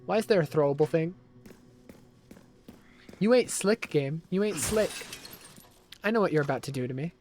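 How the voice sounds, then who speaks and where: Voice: medium pitch, lively intonation, moderate pace, long pauses, darkish tone, faint music behind. A live game streamer commenting on gameplay, swearing freely, complaining dramatically and laughing often.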